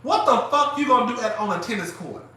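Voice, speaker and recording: A man with a very high, sharply bright voice hosts a live chat show, animated and profane and often laughing. His voice rings in a very echoey room. He sits a little back from the mic. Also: fast talker, recorded from a distance. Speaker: host. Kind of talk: casual live commentary.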